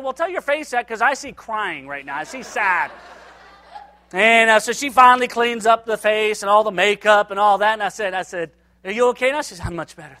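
Casting: male preacher, high and bright voice, animated storyteller who acts out every line of dialogue. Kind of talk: sermon storytelling.

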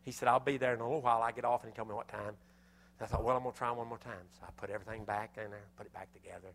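A man preaching a sermon, telling a personal story with animated, self-scolding exclamations before closing in prayer. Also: on the low side, racing, gravelly.

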